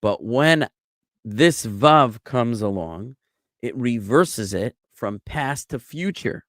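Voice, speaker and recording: A man leads a Hebrew grammar lesson at an unhurried pace, repeating word forms and putting questions to his students. His voice sits in a middle register and sounds dry and close, with no room around it. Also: mid-range voice, animated, a bit bright, dry recording. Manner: patient, quizzes students with questions; drills word forms by repetition. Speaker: rabbi teaching Biblical Hebrew.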